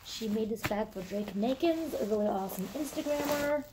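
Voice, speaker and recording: A woman filming a casual unboxing vlog, gushing with excitement and swearing casually as she shows off what she got. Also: fairly high pitch, moderate pace, background noise. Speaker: vlogger.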